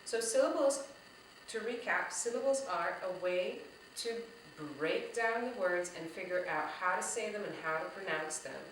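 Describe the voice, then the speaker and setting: A woman's voice: mid-range voice, fairly bright tone, a little hiss or hum. Patient woman teaching in an echoey room. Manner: slow, patient, clearly articulated. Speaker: music teaching artist. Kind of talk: children's lesson. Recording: echoey room, voice a bit far from the mic.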